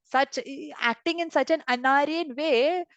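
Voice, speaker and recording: A woman reading from scripture and explaining it in a devotional class, expressive, often laughing and giving everyday examples. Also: high voice, a little slow, no room sound, highs cut off. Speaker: scripture reader and teacher.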